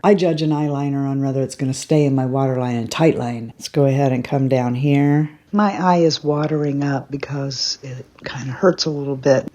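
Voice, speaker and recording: A woman's voice: low voice, warm tone. A woman over fifty chatting casually to her viewers as she does her makeup in a beauty tutorial. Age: 50s or older. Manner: chatty, talks straight to viewers while applying makeup. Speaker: beauty vlogger.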